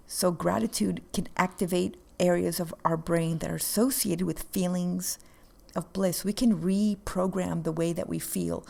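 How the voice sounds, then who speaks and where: A woman's voice: fairly low pitch, creaky, a little mellow. A woman co-hosting a podcast, talking in an earnest, encouraging coaching way. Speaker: podcast co-host. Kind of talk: casual chat.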